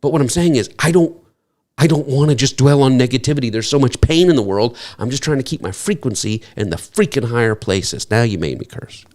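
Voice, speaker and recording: A man preaching a sermon as pastor, talking in a conversational, humorous way and jumping up in pitch to act out what people might say. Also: a little fast. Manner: animated, jumps into high-pitched acted quotes; conversational, self-deprecating humor.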